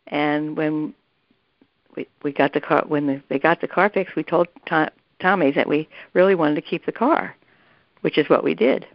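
An older woman being interviewed about family history speaks in a low voice at normal speed. Her casual storytelling is rambling, with lots of restarts and asides. The dull lo-fi recording is dry, with no room sound.

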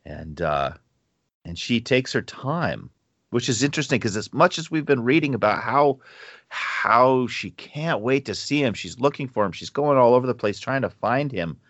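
A man co-hosting a podcast, talking through a Bible passage in a reflective, halting way with many restarts. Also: mid-range voice, expressive, fairly bright tone, no room sound, highs cut off. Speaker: co-host of a Bible study podcast. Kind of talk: casual Bible discussion.

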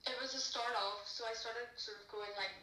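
A Northern Irish woman phones in to a radio show, chatty and self-deprecating as she laughs through her story. Her voice is bright and sits at a middle pitch. She sounds distant from the mic, with a roomy echo. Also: fairly even intonation, brisk. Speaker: caller. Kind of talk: casual chat as a phoned-in guest. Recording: distant, echoey phone call.

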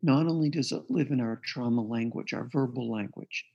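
A man with a husky, slightly breathy voice at a mid pitch tells a client's story in an interview. He speaks earnestly and acts out the lines from the session as he goes. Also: moderate pace, muffled recording. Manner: earnest, recounts a client case with quoted dialogue. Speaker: guest author and therapist.

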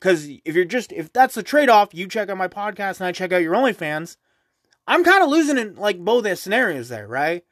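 A man's voice: sits high, big pitch swings, a little fast, fairly bright tone, no echo, studio quality. A young man hosting his own podcast, ranting casually and profanely, rambling and tagging his points with "right?". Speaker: podcast host. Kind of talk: casual solo podcast rant.

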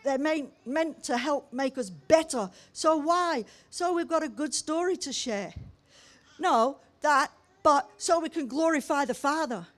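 An older woman pastor preaching a sermon, telling everyday stories with humour and emphatic pauses. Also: high voice, lively intonation, fairly bright tone.

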